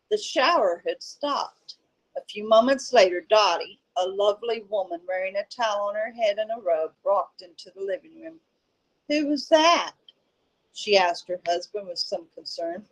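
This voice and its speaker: Slow, unhurried woman reading a novel. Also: mid-range voice, poor audio. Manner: steady, unhurried storytelling. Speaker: audiobook reader.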